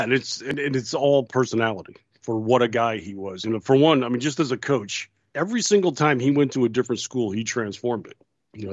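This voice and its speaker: A man's voice: mid-range voice, no room sound. Chatty man telling stories, dull sound. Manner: animated storyteller, acts out quotes. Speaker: podcast co-host. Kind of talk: casual chat.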